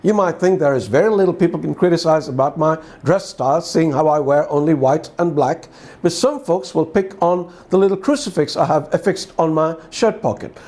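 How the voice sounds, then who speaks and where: A man with a fairly high voice and a distinctive accent reads scripture and then reflects on it. He talks to the listener in a conversational way, with wry questions and dry humor. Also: expressive, fairly quick, darkish tone. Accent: distinctive accent, often questioned. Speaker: preacher giving a daily devotional. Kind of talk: gospel reading and reflection.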